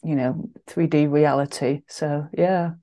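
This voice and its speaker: A woman's voice: deep voice, steady tone, unhurried, dull audio. A woman hosting a podcast, giving brief affirming replies in a casual interview. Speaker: podcast host.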